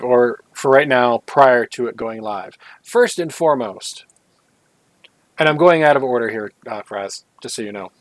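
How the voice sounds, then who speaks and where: A man chatting casually on a gaming podcast at an average pitch. He rambles, corrects himself as he goes and drops jokey asides. The sound is dry and close. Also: dry recording, low-quality recording. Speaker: podcast co-host.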